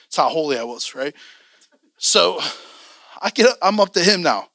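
Male teacher, bright and forceful, animated storyteller who voices the characters. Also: moderate pace, no echo, clean studio sound. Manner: animated storyteller, voices his past self and others, jumps loud and high. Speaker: prophetic ministry teacher. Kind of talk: energetic teaching with acted-out stories.

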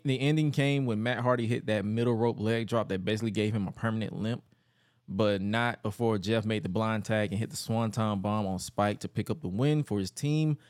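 A man hosts a podcast and recaps old wrestling matches in a casual, animated way, laughing often between lines. His voice sits at a mid pitch, and the sound is dry and close. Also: no echo. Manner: animated storyteller, laughs often, jumps into high mocking voices for quotes. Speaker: podcast co-host.

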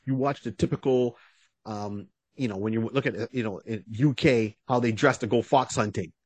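A man co-hosting a podcast retells a story in a casual, meandering way full of fillers. His mid-range voice moves at normal speed, and the recording is dry.

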